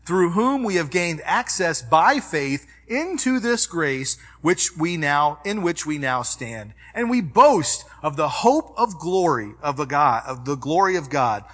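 A male pastor preaching a sermon, swinging from loud urging to quiet reflection, with personal stories woven in. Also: fairly high pitch, big pitch swings, takes it slowly, few pauses. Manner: personal storytelling within preaching.

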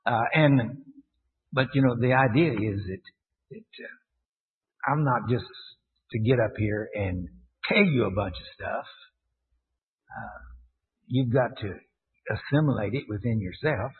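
Man preaching, halting, on a tinny line. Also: mid-range voice. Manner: halting, many fillers and restarts, asks the congregation questions. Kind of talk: sermon. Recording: tinny, echoey church recording.

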